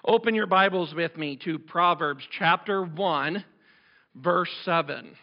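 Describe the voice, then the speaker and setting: A middle-aged male pastor delivers his sermon with a raised, high-pitched voice, loud and fervent, drifting into chatty asides. His voice is strained and cracking from overuse, and the recording sounds dull and lo-fi. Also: unhurried. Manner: loud and passionate, conversational asides. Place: church sanctuary.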